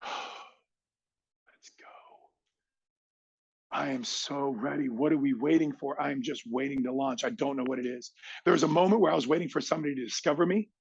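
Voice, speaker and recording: Middle-aged guy on a podcast, gravelly husky voice, kinda pumped up motivational talk, sounds dull and dry. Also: mid-range voice, rapid-fire. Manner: animated, acts out others' lines in quotes. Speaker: podcast guest. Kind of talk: emphatic storytelling, motivational.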